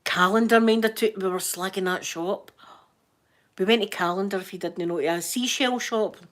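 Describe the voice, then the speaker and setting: A Scottish woman in a relaxed, rambling live chat with her viewers. Her pitch sits in an ordinary middle range for a woman. She tells stories in a lively, gossipy way, breaks into laughter often and slips into the voices of the people she quotes. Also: moderate pace. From Scotland. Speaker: livestream host chatting to viewers. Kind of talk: casual chat.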